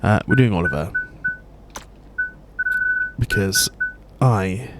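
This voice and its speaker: A man's voice: on the low side, huge pitch swings, slow pace. A man narrating his own game playthrough in a chatty, rambling way, often correcting himself. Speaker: let's play host. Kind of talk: gaming commentary. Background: game music.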